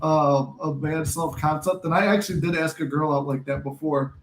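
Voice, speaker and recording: A man's voice: fairly high pitch, steady tone, normal speed, reverberant, slight background noise. Laughing man hosting a casual live chat. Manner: jokey, laughs often, acts out movie scenes. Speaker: podcast host.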